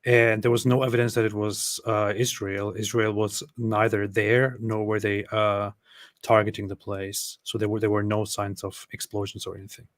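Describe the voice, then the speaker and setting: A man with a low, flat voice co-hosts a livestream in a casual chat. His delivery is dry, with sarcastic asides that barely change tone. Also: normal speed. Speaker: livestream co-host.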